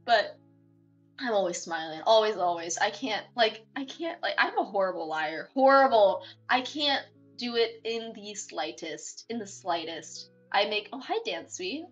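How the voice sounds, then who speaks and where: A bubbly young woman chatting with viewers on her stream, voice at an ordinary middle pitch and full of feeling. She rambles cheerfully and giggles often, with faint music playing behind her. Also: expressive, unhurried, lo-fi sound. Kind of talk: casual live-stream chat. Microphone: desktop mic, no webcam.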